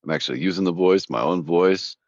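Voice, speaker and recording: Man, very deep voice, lively pitch, laughs often, dull dry lo-fi sound. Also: brisk, no room sound. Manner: laughs often, relaxed banter. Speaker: stream guest. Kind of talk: casual chat.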